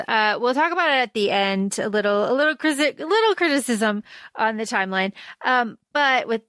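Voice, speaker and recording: A woman's voice: on the high side, expressive, fairly quick, fairly bright tone, clean tone, dry recording, clean studio sound. A woman co-hosting a podcast, frankly and profanely recapping a book's plot in casual chat. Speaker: podcast co-host. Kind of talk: casual book-discussion chat.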